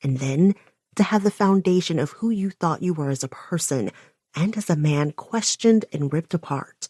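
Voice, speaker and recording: A woman narrating a first-person romance audiobook in an intimate way, often dropping to a hushed near-whisper. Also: sits low, animated, normal speed, slightly rough, no echo, clean studio sound.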